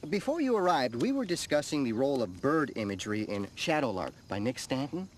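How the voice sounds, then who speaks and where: A man's voice: medium pitch, big pitch swings, natural voice. A man voices a theatrical leader who stretches his words dramatically, his voice swooping widely. A faint hum of noise sits behind him. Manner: dramatic, drawn-out scene-setting.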